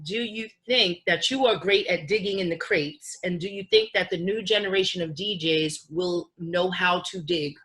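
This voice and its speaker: A woman co-hosting a casual show, easygoing and unhurried as she asks questions. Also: lowish voice, a bit bright. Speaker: co-host. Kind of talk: casual chat.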